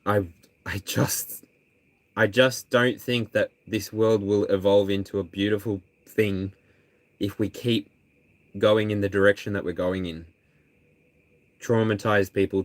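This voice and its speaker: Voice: sits low, no room sound. An energy reader chatting candidly on a live stream, earnest and rambling, with restarts and ums along the way. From Australia. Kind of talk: casual live stream chat.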